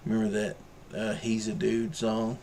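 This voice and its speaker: Low, gravelly man rambling casually. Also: completely flat delivery, moderate pace, darkish tone, a little hiss or hum. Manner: rambling, ranting, drawling. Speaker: vlogger.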